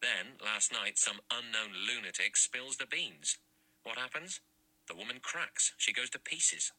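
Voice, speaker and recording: Man voicing blunt aggressive man, slangy, husky bright voice, audiobook. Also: medium pitch, expressive, unhurried, pitched above the performer's own voice, heavily acted, low-quality recording.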